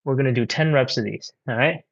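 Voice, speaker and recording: A man's voice: medium pitch, fast talker, creaky, dull audio. A man leading a live home stretching workout, counting reps and coaching casually, a bit out of breath. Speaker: stretching instructor.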